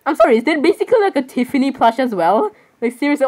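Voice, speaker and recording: Woman vlogger, a little high-pitched, rambling and giggly, constantly apologizing. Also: big pitch swings, fast, darkish tone, poor audio. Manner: rambling, keeps apologizing, giggly, says "literally" often. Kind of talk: casual screen-browsing commentary.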